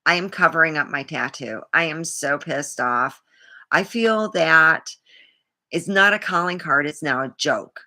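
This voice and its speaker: A woman's voice: deep voice, a little slow, pushed and bright. A woman vlogger talking in a rambling, indignant way, swearing freely as she tells a personal story. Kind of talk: casual monologue to camera.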